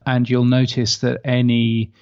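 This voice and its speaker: A British man with a gravelly, creaky edge to his voice chats through an interview, circling back on his words and leaning on "you know" as he thinks. His sound arrives over a dull, lo-fi remote line. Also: medium pitch, completely flat delivery, a little slow, a little mellow. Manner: hesitant, many restarts and "you know"s. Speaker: podcasting industry guest. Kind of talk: conversational interview.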